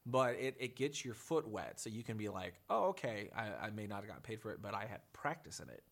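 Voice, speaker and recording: Brief: man, lowish voice, casual podcast chat, rambling storyteller. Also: expressive, a little fast, a bit bright. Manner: rambling, talks in long anecdotes. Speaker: podcast guest.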